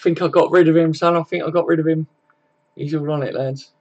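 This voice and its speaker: Young male fan-stream host, slightly high, gravelly voice, relaxed and sweary. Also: fairly quick, dull audio. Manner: laid-back, swears freely, chuckles often. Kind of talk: casual live-stream chat, reading comments aloud.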